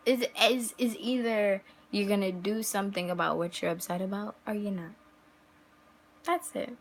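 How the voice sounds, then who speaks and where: A woman's voice: medium pitch, moderate pace, slight background noise, low-quality recording. A young woman vlogger talking casually to camera, giving emphatic relationship advice full of rhetorical questions. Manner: emphatic, rhetorical questions, acts out quoted voices.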